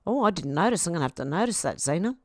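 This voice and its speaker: A teary, sniffling Australian woman reads out viewer comments on her home livestream, chatty and quick. Her voice sits a little low and close to the mic, with no room sound around it. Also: sing-song, a little mellow, no echo. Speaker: livestream host reading chat. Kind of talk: casual livestream chat, reading comments aloud.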